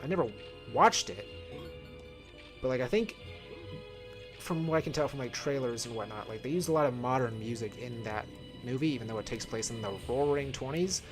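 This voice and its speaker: A medium-pitched male voice moves fairly quickly but leaves long pauses. The video game streamer, wearing headphones, reviews films while he plays, rambling casually and correcting himself as he thinks aloud, and faint game music can be heard.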